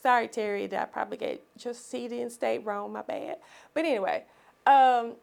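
A woman speaks as a guest on a podcast, with a voice that sits a little high for a woman. She tells her story in an animated, expressive way and laughs often. Her delivery is conversational and lively. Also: normal speed, gravelly.

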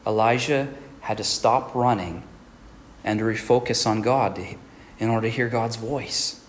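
A male pastor giving an earnest sermon who often checks in with a quick "right?". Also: lowish voice, a little hiss or hum.

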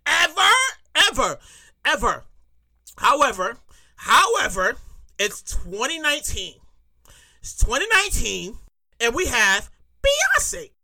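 Woman, comic monologue, animated, repeats lines for emphasis, very high voice, lively pitch. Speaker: comedic monologuist. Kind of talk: comic monologue read from her own script.

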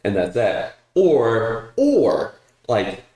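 A man co-hosting a casual podcast chat, talking in a halting, laid-back way, full of fillers and restarts. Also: fairly low pitch, huge pitch swings, dark tone. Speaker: podcast co-host. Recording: roomy echo.

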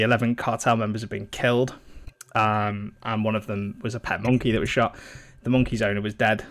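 A man's voice: medium pitch, a bit bright. A man co-hosting a casual podcast from a home mic. He rambles and swears freely, laughing along the way. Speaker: podcast co-host. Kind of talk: casual chat.

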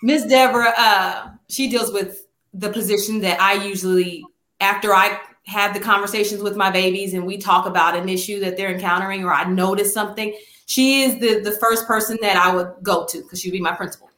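A woman teacher of young children talking casually and quickly in a panel conversation. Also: mid-range voice, steady tone, fairly bright tone. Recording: echoey room.

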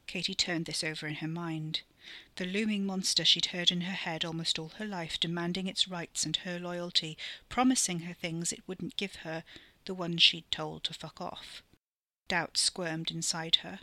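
A woman narrates a dark story in a steady, expressive read, her voice sitting a little low yet sounding bright and forward. The recording is dry and close, with no room around it. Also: normal speed, dry recording. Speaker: podcast narrator.

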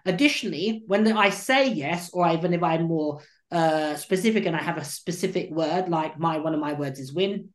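A man, a dog trainer and coach, explaining his training methods at length in an animated interview. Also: a little high, moderate pace. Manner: animated, acts out what the dog thinks. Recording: roomy echo.

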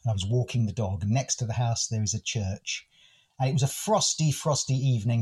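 Wry, thoughtful English gentleman. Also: mid-range voice, a little fast, soft background music. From United Kingdom. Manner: thoughtful, wry, self-deprecating with frequent restarts and chuckles. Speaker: guest, educator and comedic speaker. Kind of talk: reflective conversational storytelling.

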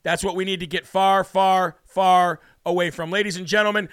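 A man's voice: sits high, steady tone, normal speed, hardly any pauses, a bit bright, faint music behind. A man hosting a talk radio show, emphatic and repetitive, preaching in a worked-up monologue. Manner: emphatic, repeats phrases, preacher-like cadence. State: emotionally worked up.

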